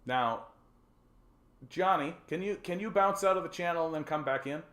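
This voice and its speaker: A man's voice: on the high side, normal speed, fairly bright tone, roomy sound. A man from Canada hosting a casual call-in livestream, rambling and joking with lots of swearing, fillers and restarts. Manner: rambling, profane and jokey, with many fillers and restarts. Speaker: livestream host.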